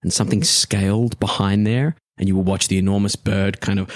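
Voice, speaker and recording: A man with a low voice narrates as game master of a tabletop game, relaxed and joking, stopping to restart his sentences as he goes. The sound is close and dry, with no room around it. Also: fairly quick, no echo.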